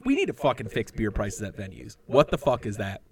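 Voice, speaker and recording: A man telling a story in a casual, profane chat, acting out quotes with lively energy. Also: on the low side, a little fast, a little hiss or hum.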